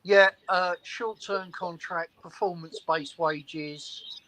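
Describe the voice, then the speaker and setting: A man co-hosting a casual fan podcast, speaking briskly with short agreeing interjections. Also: high voice, steady tone, fairly bright tone, no echo, poor audio. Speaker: podcast co-host. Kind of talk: casual chat.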